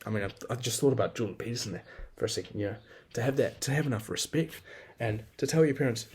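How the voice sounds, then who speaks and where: A man's voice: mid-range voice, fast, a little mellow, husky. A young man talking through a rambling, frank personal monologue, swearing freely and poking fun at himself. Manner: rambling, swears a lot, frank and self-deprecating.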